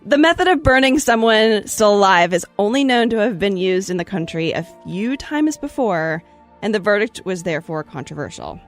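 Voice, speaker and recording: A woman hosting a casual group podcast, reading out a historical trial with animated asides and laughs. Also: mid-range voice, normal speed, soft background music. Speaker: storyteller host.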